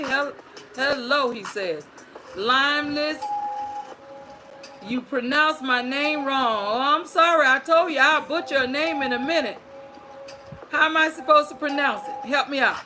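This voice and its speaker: A woman hosting a livestream storytime, greeting viewers by name and reading their chat messages aloud. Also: high-pitched. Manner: greets viewers warmly by screen name, playful and sing-song.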